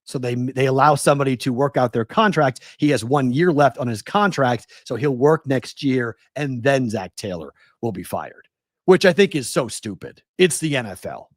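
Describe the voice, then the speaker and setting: Animated ranting man in his forties. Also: medium pitch, moderate pace, no echo, studio quality. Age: 40s. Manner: exasperated, ranting, rhetorical questions. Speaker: sports betting show host. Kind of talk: animated sports talk. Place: West Coast.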